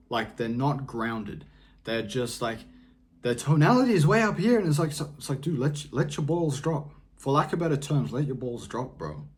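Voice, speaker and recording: A young man vlogging casual advice in a laid-back, rambling way, peppering his talk with slang. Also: mid-range voice. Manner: rambling, often trails off and restarts.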